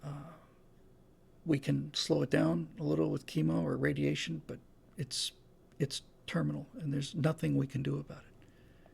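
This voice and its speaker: A man voicing a matter-of-fact male doctor in a hushed joke-telling delivery. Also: fairly high pitch, level tone, moderate pace, gravelly, pauses often, husky, exaggerated voice. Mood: grave.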